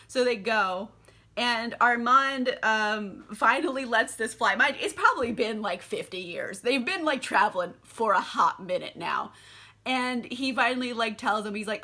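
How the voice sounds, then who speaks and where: A woman's voice: fairly high pitch, lively intonation, measured pace, bright, forceful tone. A young woman recapping a book in a chatty, casual vlog, swearing freely and using many fillers. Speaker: book vlogger.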